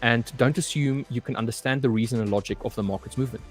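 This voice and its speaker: A young man hosts a live trading stream, talking loosely and reading out viewer comments. His voice sits at an ordinary pitch for a man. Faint music plays underneath. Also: fast talker. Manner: reads viewer comments aloud and chats loosely, saying "mate" often.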